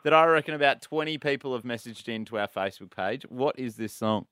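A man's voice: medium pitch, a little fast, fairly bright tone, clean tone, no echo, clean studio sound. A man with an Australian accent, hosting a radio show in casual, chatty banter and laughing often. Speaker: radio host.

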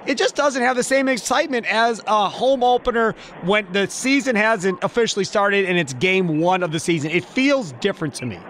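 A man hosting a midday sports radio show, bantering quickly with a guest from a studio microphone. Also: high-pitched, expressive, fairly bright tone, a little hiss or hum. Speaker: radio sports talk host. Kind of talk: casual sports radio talk.

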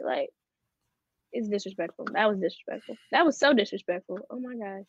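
A woman's voice: medium pitch, lively intonation, brisk, slightly rough, no echo, lo-fi sound. A woman in a group discussion, exasperated and repeating herself as she searches for words.

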